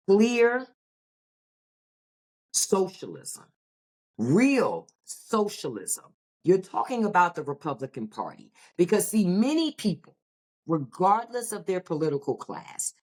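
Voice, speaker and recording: Emphatic American woman podcast host. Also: medium pitch. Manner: emphatic, repeats phrases for effect; rhetorical questions and asides. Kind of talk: political commentary monologue.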